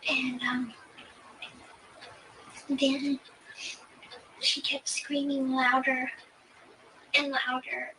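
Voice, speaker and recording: Soft, hesitant high-voiced young woman. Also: flat delivery. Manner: soft, hesitant, many pauses and ums. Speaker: interviewee questioned by investigator. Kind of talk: recorded police interview. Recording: distant mic with faint hiss.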